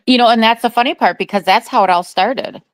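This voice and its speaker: A woman's voice: fairly high pitch, fast, no echo. A woman co-hosting a casual chat, prompting the host with questions and short replies. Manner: brief back-channel replies and prompts.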